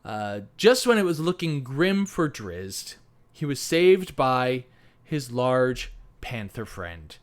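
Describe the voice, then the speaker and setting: A man's voice: medium pitch, sing-song, takes it slowly. A man co-hosting a book podcast, talking animatedly with lots of fillers and laughter. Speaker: podcast co-host. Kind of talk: casual book discussion.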